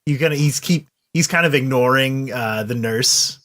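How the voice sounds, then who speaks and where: A man at a tabletop game describes what his character does. He talks it through out loud, often stopping to restart his sentences. His voice sits at an ordinary middle pitch. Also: moderate pace. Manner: thinks aloud with many restarts. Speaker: player. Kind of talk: tabletop role-play chat.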